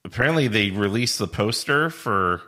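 Man, podcast co-host, relaxed news chat, hesitant fillers, bright tone. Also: lowish voice, moderate pace.

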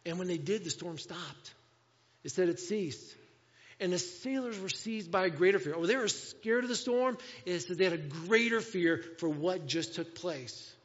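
High-voiced preacher in a reverberant hall. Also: male voice, lively intonation, moderate pace. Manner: emphatic preaching with rhetorical questions and wide swings in loudness. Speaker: pastor. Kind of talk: sermon. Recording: long reverb, dull lo-fi sound.

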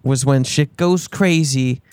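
A man's voice: mid-range voice, slow pace, a little mellow, smooth, no echo. A man co-hosting a casual podcast chat, rambling with lots of fillers. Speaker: podcast co-host.

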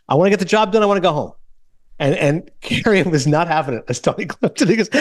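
Fast-talking animated male podcast host. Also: on the high side, dry recording, studio quality. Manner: fast, animated storytelling with quoted voices. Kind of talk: casual movie podcast chat.

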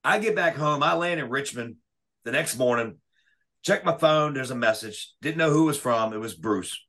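A man telling wrestling stories in a casual, profane and animated way. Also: mid-range voice, normal speed. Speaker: wrestling referee guest. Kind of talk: casual storytelling.

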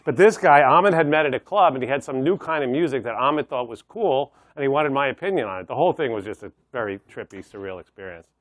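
A middle-aged man, a record executive, telling animated stories as a guest in an interview. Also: medium pitch, fast talker, few pauses, no room sound, clean studio sound. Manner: animated storyteller, acts out voices in anecdotes. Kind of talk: interview storytelling.

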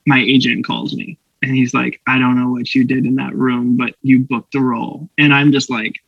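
A man's voice: mid-range voice, level tone, normal speed, creaky, slightly rough, no room sound, muffled recording. A young man from Canada, an actor guest, telling anecdotes animatedly with laughs and put-on voices. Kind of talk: casual storytelling interview.

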